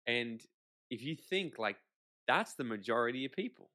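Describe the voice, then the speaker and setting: A man, a podcast guest, telling stories in a lively conversational way, swearing casually and acting out quotes. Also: medium pitch, moderate pace. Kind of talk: animated conversational storytelling.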